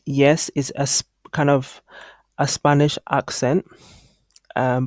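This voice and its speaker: A man walking through a screen-recorded software tutorial as an online course instructor, thinking aloud casually with frequent ums and restarts. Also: mid-range voice, creaky, dry recording, studio quality.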